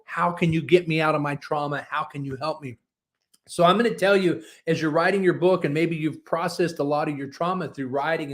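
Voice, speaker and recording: Folksy upbeat male book coach. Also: on the high side. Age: 40s. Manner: folksy, storytelling, upbeat and encouraging. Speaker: book publisher teaching a workshop. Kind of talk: motivational workshop talk.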